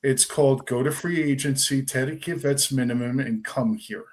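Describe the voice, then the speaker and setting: A man co-hosting a casual sports talk show, laying out his points in a measured, step-by-step way. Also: mid-range voice. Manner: measured, lays out arguments step by step. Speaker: podcast co-host. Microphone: remote call over a livestream.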